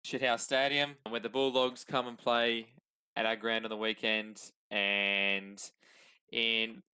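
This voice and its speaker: A man's voice: fairly low pitch, flat delivery, slow, sharp tone, clean tone, poor audio. A young Australian man co-hosting a casual sports podcast, laid-back and rambling. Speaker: podcast co-host.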